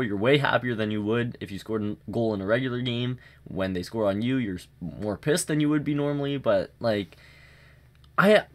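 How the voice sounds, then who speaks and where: A young male gaming creator narrates his hockey match footage in a loose, chatty voice-over. His voice sits a little low, and he rambles with frequent fillers. He sounds frustrated and exasperated as he goes over the game. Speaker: gaming YouTuber. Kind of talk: casual voice-over gameplay commentary.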